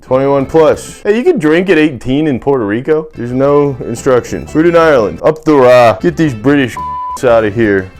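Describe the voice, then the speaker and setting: A young man talks in a loose, rambling comic monologue from his home kitchen. He swears freely and keeps chopping words off halfway. Faint music sits low under his voice. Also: animated, moderate pace, darkish tone. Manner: irreverent, swears often, cuts himself off mid-word. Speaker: comedy cooking host.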